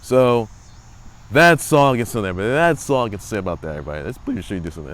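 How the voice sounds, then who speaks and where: A man's voice: fairly low pitch, lively intonation, quick pace. A man hosting his own sports report, rambling in casual commentary, repeating phrases and mocking players.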